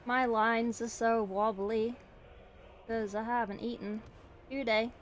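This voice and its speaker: A woman's voice: on the high side, flat delivery, slow, slight background noise. A young woman painting miniatures on a livestream, chatting casually and answering viewer chat as she works. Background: faint background music.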